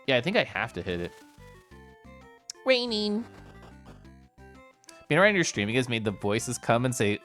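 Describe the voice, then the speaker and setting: A man's voice: medium pitch, lively intonation, normal speed, pauses often, a bit bright, faint music behind. Bubbly, giggly male game streamer. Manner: bubbly, giggly, chatting with viewers. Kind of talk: casual live-stream chat.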